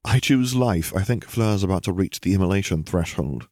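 A man's voice: low voice, animated, normal speed, a little mellow, no room sound. A man voicing a good-humored young wizard in a storybook reading, with wry, dry humor.

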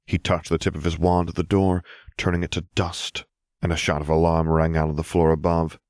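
A man reading story narration in a steady, measured voice. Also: low-pitched, dry recording, studio quality. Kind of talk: scripted narration of fan fiction.

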